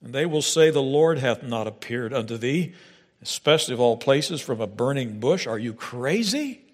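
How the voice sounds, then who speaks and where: A man preaching a sermon, reading scripture dramatically and breaking into lively asides. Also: medium pitch, moderate pace, in a large hall.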